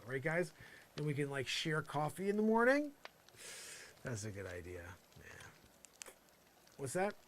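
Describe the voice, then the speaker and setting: A man's voice: fairly high pitch, very animated, normal speed, long pauses, fairly bright tone, slight background noise. A man doing an improvised comedy monologue, rambling with exasperated sarcasm and lots of filler phrases. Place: campsite, pretend outdoors.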